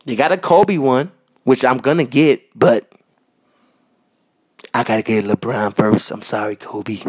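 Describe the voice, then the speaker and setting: A man from Minnesota hosting a podcast, talking casually and giving loud, repetitive shout-outs full of slang. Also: mid-range voice, steady tone, a little slow. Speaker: podcast host. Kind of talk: casual solo podcast monologue. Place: North Minneapolis.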